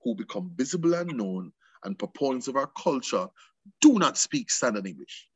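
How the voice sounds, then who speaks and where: A man's voice: mid-range voice, sing-song, normal speed, husky, no room sound. A man with a Jamaican accent speaking as an interview guest, switching between patois and English with passionate emphasis.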